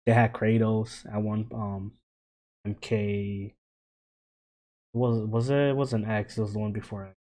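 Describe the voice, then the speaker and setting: Laid-back young man, lowish voice. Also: flat delivery, a little slow, long pauses, warm tone. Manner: laid-back, swears a lot, laughs often. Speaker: podcast co-host. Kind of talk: casual chat.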